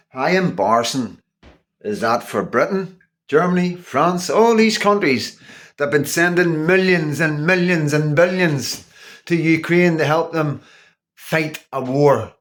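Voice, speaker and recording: A man's voice: on the high side, fairly bright tone. A man vlogging an indignant, sarcastic political rant, repeating himself for emphasis. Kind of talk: ranting political monologue.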